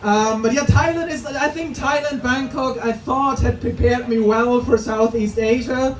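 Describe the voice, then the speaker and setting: A man's voice: very high-pitched, unhurried, slight background noise. An Austrian man in his forties doing a self-mocking stand-up set at an open mic, laughing at his own jokes. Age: 40s. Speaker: stand-up comedian. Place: comedy club open mic. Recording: echoey club room, mic heard from a distance.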